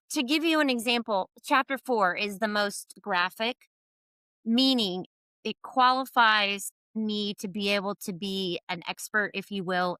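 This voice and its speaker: A woman's voice: medium pitch, pushed and bright, smooth, no room sound, rough recording. A middle-aged woman, an author and podcast guest, answering candidly, open and reflective with some self-deprecating humor.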